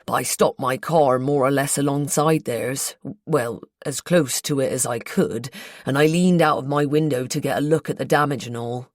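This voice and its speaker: A woman voicing an earnest, guarded local man with a North Devon accent, in a slow, confiding, colloquial way, for an audiobook. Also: extremely low pitch, a little mellow, no echo, studio quality. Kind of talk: audiobook character voice.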